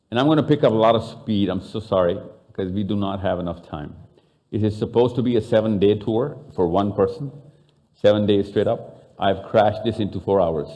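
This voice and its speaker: A man's voice: on the low side, mellow. Bantering Pakistani man on stage. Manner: bantering, interactive, switches into Urdu and Hindi. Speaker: speaker. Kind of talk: live talk to an audience.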